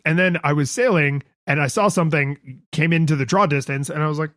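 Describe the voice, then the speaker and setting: A man's voice: fairly high pitch, a little fast, hardly any pauses, dry recording, studio quality. A man co-hosting a podcast, telling stories in a casual chat and acting out voices when he quotes. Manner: animated storytelling, acts out voices in quotes. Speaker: podcast co-host.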